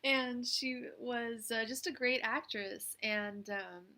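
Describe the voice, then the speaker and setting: A woman's voice: on the high side, fairly even intonation, slow pace, sharp tone. A woman in her thirties, a tarot reader chatting casually on a live stream, rambling with lots of fillers.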